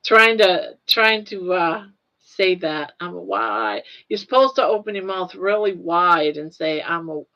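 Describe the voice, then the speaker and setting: A woman's voice: mid-range voice, sharp tone, highs cut off. An older woman hosting a casual live stream, chatting with viewers and cooing at her pet in baby talk with lots of giggles.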